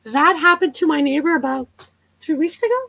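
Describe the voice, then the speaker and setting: A chatty woman with a fairly high voice hosts a casual live chat. She tells rambling stories and laughs often, and the sound is dry and close with no room echo. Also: a little fast, a bit bright. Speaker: livestream host.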